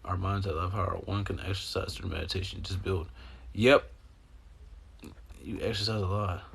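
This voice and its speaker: A man's voice: low-pitched, fairly even intonation, normal speed, vocal fry, fairly bright tone, slightly rough. A man talking in a meandering, profane, emotional stream of consciousness, in a casual spiritual monologue. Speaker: host.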